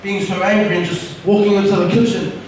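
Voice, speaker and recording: A young man tells his life story in an earnest, candid way, his voice pitched notably high. He sounds set back from the mic in a very echoey room, with a faint hiss of noise behind him. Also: little pitch movement, fairly quick, a little mellow, distant mic. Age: young adult. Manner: earnest and candid, with frequent restarts. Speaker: speaker giving a personal testimony. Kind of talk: personal testimony told to an audience.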